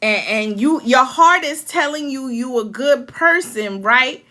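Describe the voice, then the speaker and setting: High, bright-voiced earnest woman. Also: animated, unhurried. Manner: earnest, emotional, vividly acting out past scenes. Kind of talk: casual heartfelt talk to viewers.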